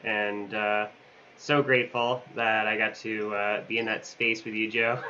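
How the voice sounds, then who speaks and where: A man co-hosting a video chat, speaking hesitantly and filling his pauses with many uhs. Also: lowish voice, level tone, bright, forceful tone, slight background noise. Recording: dull lo-fi sound.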